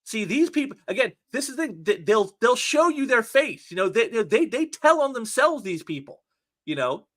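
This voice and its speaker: High, lively voiced sarcastic male commentator. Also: normal speed. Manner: sarcastic, repeats words, mocks opponents. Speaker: commentary channel host. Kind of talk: casual commentary reading online posts.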